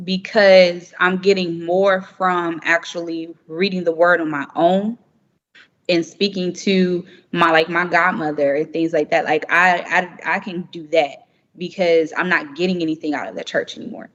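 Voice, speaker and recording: A woman's voice: lowish voice, fairly even intonation, normal speed. A young woman talking candidly and emphatically in a casual chat, often laughing. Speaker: podcast guest. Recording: muffled remote audio with long reverb.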